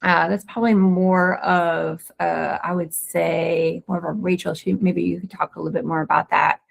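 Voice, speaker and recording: A woman who is a pelvic floor physical therapist, co-hosting a webinar and explaining recovery in a quick, excited, casual way with many restarts. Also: on the low side, gravelly, dull audio. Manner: fast, excited talker with frequent restarts.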